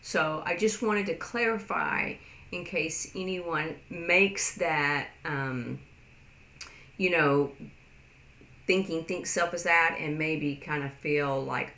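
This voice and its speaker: Woman teacher, low-ish voice, talks slow with lots of ums, bounces way up when quoting people, roomy echo. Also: sharp tone. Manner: rambling, many fillers, acts out quoted lines in a higher voice. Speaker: sign language teacher. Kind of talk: casual explanatory lesson.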